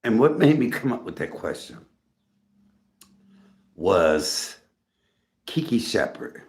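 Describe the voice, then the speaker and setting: A man's voice: on the low side, very animated, takes it slowly, darkish tone. A middle-aged man hosting a casual livestream from his home, chatty and greeting viewers by name, coughing often. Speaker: livestream host. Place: home room. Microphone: phone on a tripod.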